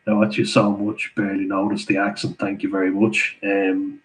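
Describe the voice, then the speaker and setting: A man's voice: on the low side, level tone, a little slow, low-quality recording. An Irish man hosting a casual live Q&A, chatting with viewers and laughing often between remarks. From Ireland. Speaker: channel host answering viewer questions.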